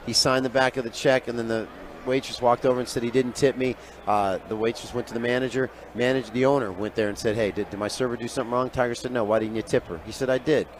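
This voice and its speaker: A man who is a sports handicapper, telling an animated story as a guest on live sports radio and acting out the people he quotes. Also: mid-range voice, quick pace, hardly any pauses, a little hiss or hum. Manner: lively raconteur who acts out quoted voices, often trailing off quietly. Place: live broadcast booth at a radio event.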